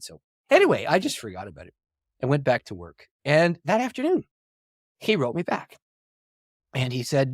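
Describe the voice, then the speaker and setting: Lively animated male storyteller. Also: on the high side, brisk, pauses often, dry recording, studio quality. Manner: animated storyteller, acts out quoted dialogue, laughs often. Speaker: pastor and author, podcast guest. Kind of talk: storytelling interview.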